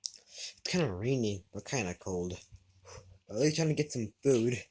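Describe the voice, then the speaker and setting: A man grumbling in deadpan asides in a comedic skit with his pet. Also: mid-range voice, unhurried, slightly rough. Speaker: pet owner.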